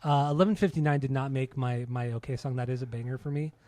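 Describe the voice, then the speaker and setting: A man's voice: medium pitch, fairly even intonation, fast, a little mellow, no room sound. A man co-hosting a casual music podcast, talking in an easygoing, hedging way with many fillers. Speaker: podcast co-host.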